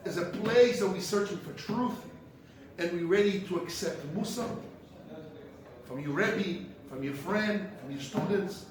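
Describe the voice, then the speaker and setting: Brief: high-pitched male preacher, fervent and emphatic, recorded far off in a very echoey hall. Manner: impassioned and emphatic, sometimes rising to cries. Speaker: head of a yeshiva. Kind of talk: ethical sermon to students. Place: large echoey study hall. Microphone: distant room mic. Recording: very echoey hall, far from the mic, faint noise.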